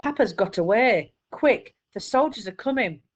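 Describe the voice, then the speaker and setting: A woman's voice: on the high side, animated, normal speed, highs cut off, pitched above the performer's own voice. Woman reading as panicked mother, urgent, raised voice, storybook. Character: desperate young mother.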